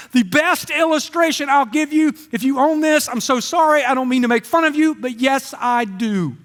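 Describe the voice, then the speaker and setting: A middle-aged man preaching a sermon, telling stories with comic voices. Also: high-pitched. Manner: animated storytelling with comic voices. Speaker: pastor. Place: church auditorium. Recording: long hall reverb.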